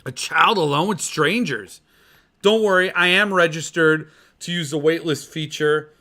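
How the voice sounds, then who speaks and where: An excitable man hosting a casual livestream, rambling and gushing as he chats with his viewers. His voice sits a little high and has a bright, sharp edge. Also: a little slow. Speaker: podcast host. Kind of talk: casual livestream chat about book collecting.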